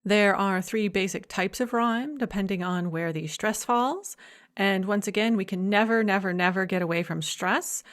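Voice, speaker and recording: A woman giving a recorded lecture, explaining points clearly and stressing key ideas. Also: mid-range voice, normal speed, a bit bright.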